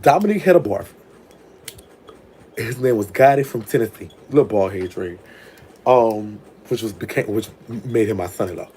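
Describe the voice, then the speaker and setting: New guy spilling a story, cussing a lot, mellow soft tone, a bit of hiss. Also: fairly low pitch, animated, normal speed, pauses often. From New Orleans. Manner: frank, profane, chatty, with laughs. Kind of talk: casual storytime monologue.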